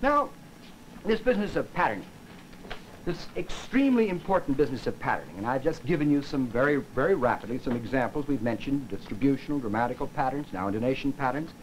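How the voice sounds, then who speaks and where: A man giving a lecture for an educational film. He demonstrates points with his own voice and gestures, and his emphasis swings between loud and soft. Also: mid-range voice, lively intonation, fast talker, a little hiss or hum, poor audio. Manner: demonstrative, acts out examples with voice and gestures.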